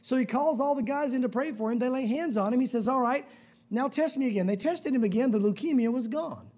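A man's voice: extremely high pitch, fast. Conversational man preaching a sermon. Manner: conversational, acts out prayers and voices with sudden shouts. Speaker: pastor.

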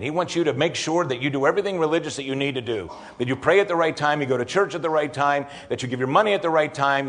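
A man preaching a sermon as a pastor, earnest and emphatic, building repeated phrases and then closing in prayer. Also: mid-range voice.

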